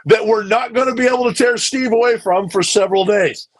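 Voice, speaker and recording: A man's voice: high voice, fairly quick, no echo. A man co-hosting a podcast, chatting casually and teasing his co-host in playful banter.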